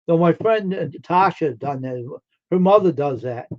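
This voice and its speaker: A man hosts a casual live stream and chats with his viewers in a folksy, rambling way. His voice sits a little high for a man. The audio is dull and lo-fi. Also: lively intonation, a little slow. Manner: folksy, chatty, answers chat comments.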